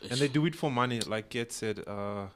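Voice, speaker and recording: A man's voice: mid-range voice, brisk. A man in a casual podcast chat, earnest and rambling, with lots of "like" and "uh".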